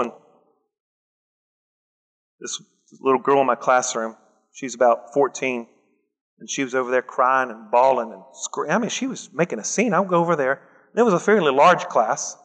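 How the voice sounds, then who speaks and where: High-voiced animated male preacher. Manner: animated, acts out quoted voices, loud bursts. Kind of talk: sermon. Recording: long hall reverb.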